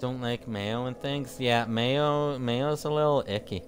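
Faint music plays behind a man whose medium-pitched voice stays unhurried as he streams a video game. He rambles and jokes with his live viewers in casual chat, frequently stumbling over his words.

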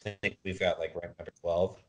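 A man with a very low voice talks casually on a podcast, joking and teasing his co-host as he reels off results. His delivery is loose and offhand, with names tumbling out one after another. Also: little pitch movement, a little fast, fairly bright tone. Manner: loose, joking banter, rattles off wrestler names.

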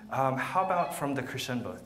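A man's voice: mid-range voice, big pitch swings, fairly quick, fairly bright tone. A man teaching a violin masterclass, encouraging and patient, often repeating words and counting beats aloud. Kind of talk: masterclass coaching.

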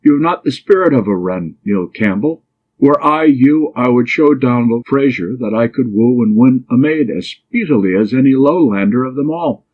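A man's voice: medium pitch, normal speed, husky, lightly acted. A man voicing a bold, teasing young woman in love, speaking pertly and pleadingly in an audiobook. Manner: pert, mischievous, pleading. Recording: dull lo-fi recording.

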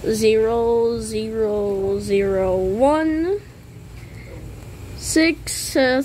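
Slow, jokey woman with a raised voice. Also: a little high, a little hiss or hum, poor audio. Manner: rambling, jokey, meme-quoting. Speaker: gaming channel host. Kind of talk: casual gameplay commentary.

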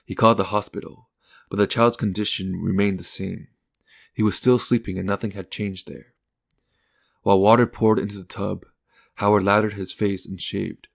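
A man reading a short story aloud in calm, unhurried scripted narration. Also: lowish voice, vocal fry. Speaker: audiobook narrator.

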